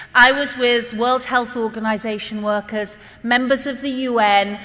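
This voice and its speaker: A woman giving an animated storytelling talk to an audience, acting out the dialogue as she goes. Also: on the high side. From Britain. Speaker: guest speaker. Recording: long reverb of a large hall.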